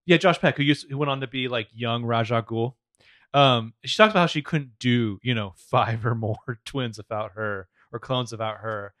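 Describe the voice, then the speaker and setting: Animated man recapping a show. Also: mid-range voice, normal speed, no room sound, clean studio sound. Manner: animated, rambling. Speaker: podcast co-host recapping a TV show. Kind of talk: casual chat.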